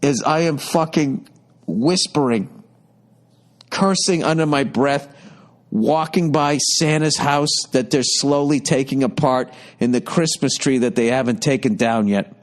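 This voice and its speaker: A man in his fifties hosting a podcast, telling a rambling comedic story with constant swearing and exasperated ranting. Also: medium pitch. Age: 50s. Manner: profane, exasperated, rapid ranting. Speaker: podcast host. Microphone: podcast studio mic.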